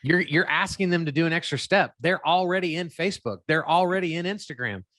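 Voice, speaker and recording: A man's voice: a little high, brisk, fairly bright tone, no room sound. Candid, opinionated man hosting a podcast. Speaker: podcast host. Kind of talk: casual podcast chat.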